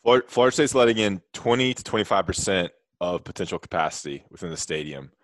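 Sports reporter, man, very deep voice, talks fast. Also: lively intonation, no room sound. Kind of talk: casual sports talk.

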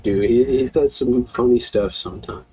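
A man's voice: medium pitch, normal speed, mellow, slightly rough, low-quality recording. A man in his twenties talking hesitantly with many fillers in a casual chat.

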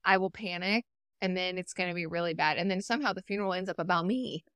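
Brief: woman podcast host, crisp, ringing tone, loose and funny, curses casually. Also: lowish voice, quick pace, no echo, clean studio sound. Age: adult parent. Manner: animated, joking storyteller who swears freely. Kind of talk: casual chat.

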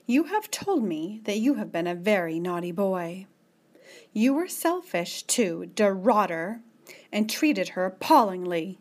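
A woman voicing a stern, commanding middle-aged woman who speaks in brisk, scolding orders. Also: medium pitch, big pitch swings, a little mellow.

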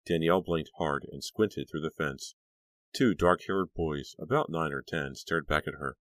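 A man narrating an audiobook with an expressive, dramatic reading. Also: a bass voice, moderate pace, no room sound. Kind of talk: scripted narration.

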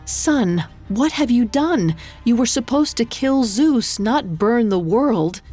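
A woman's voice: on the high side, animated, slow pace, music in the background, pitched above the performer's own voice. A woman voicing a stern earth goddess mother. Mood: sorrowful.

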